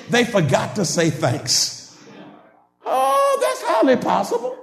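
High, lively male preacher in echoey hall. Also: a little slow, vocal fry. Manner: animated, calls out to the congregation with laughing asides; builds to shouted, sing-song climaxes. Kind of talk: sermon.

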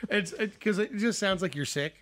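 A man hosting a radio show with a rough, gravelly voice, chatting in a friendly, joking way. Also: high voice, normal speed, fairly bright tone. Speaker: radio host. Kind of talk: casual radio interview chat.

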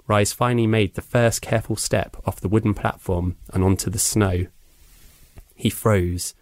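A man narrating a children's adventure book with measured, dramatic pacing. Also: on the low side, no echo. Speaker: audiobook reader. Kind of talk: storybook narration.

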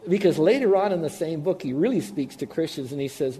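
A man preaching a sermon, animated, acting out the voices of doubters. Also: a little high, a little fast, a little hiss or hum. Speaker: pastor.

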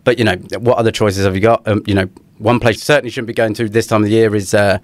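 Fast-talking dry man on a podcast. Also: on the low side, little pitch movement, dry recording. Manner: dry, joking, quick delivery. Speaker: podcast co-host. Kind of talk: casual chat.

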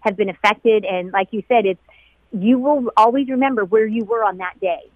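A woman who was a flight attendant, being interviewed about a painful day. She talks in a halting, emotional way and often repeats herself. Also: mid-range voice, no echo. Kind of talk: emotional personal recollection. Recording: dull lo-fi sound.

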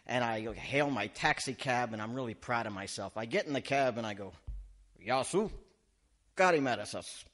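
A man performing stand-up comedy, telling a story in an animated, self-mocking way and acting out his own panic. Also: medium pitch, fairly quick, few pauses.

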